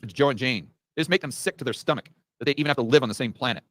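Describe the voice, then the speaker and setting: A man's voice: medium pitch, racing, dry recording. Sarcastic, incredulous man. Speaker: podcast guest. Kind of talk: casual commentary.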